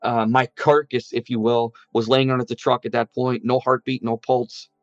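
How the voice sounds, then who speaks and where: A man with a mid-range voice and little pitch movement speaks at a moderate pace, giving an earnest personal testimony about a near-death experience and acting out what other people said. The recording is dry and muffled, with soft music underneath.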